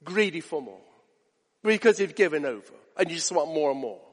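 A male preacher with a high, lively voice swings his pitch up and down as he preaches. He talks in an animated way and acts out the voices he quotes. His voice rings with a long reverb in a church hall. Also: a little fast. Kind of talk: sermon.

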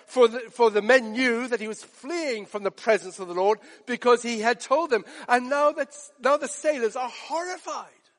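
Man preaching, high voice, slow deliberate delivery, dramatic, long hall reverb. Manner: dramatic, acts out quoted lines with hushed slow emphasis. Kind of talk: sermon.

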